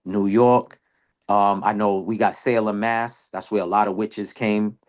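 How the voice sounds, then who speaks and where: A man, telling a story in a slang-filled casual chat and jumping up in pitch whenever he quotes people. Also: a little slow. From Boston area. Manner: animated storyteller, slang-heavy, jumps high when quoting people. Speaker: podcast host.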